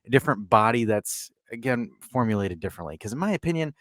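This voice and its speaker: A man co-hosting a casual podcast, teasing his co-hosts and rambling through animated opinions. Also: medium pitch, fast talker, no echo, studio quality. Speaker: podcast co-host.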